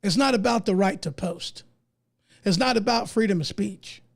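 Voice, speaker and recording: A man's voice: high-pitched, moderate pace, gravelly. A man from the United States who is losing his voice, giving emphatic, indignant opinion commentary as a podcast host and reading articles aloud in a folksy way.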